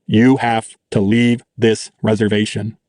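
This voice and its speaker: A man voicing a weary, earnest older male teacher who speaks low, slow and urgent. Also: steady tone, a little mellow, no room sound, close to an everyday voice.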